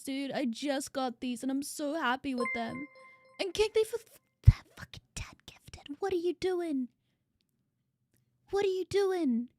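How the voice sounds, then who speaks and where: A young woman livestreaming, her voice sitting extremely high, bubbly and effusive as she thanks her viewers over and over with casual swearing mixed in. The sound is close and bone-dry, with no room around it. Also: dry recording. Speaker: VTuber streamer. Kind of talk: casual live-stream chat with viewers.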